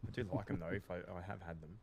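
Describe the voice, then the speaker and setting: An Australian man co-hosting a live football stream, with dry deadpan humour and the odd curse at the play. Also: low-pitched, fast, gravelly, slight background noise. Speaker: co-host of a live football watch-along stream. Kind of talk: casual live match chat.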